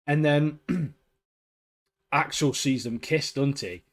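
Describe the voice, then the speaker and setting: A man's voice: on the high side, slow pace, slight background noise. A man co-hosting a casual podcast chat, talking enthusiastically and filling his sentences with "mate" and "like". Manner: enthusiastic, peppers talk with "mate" and "like". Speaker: podcast co-host.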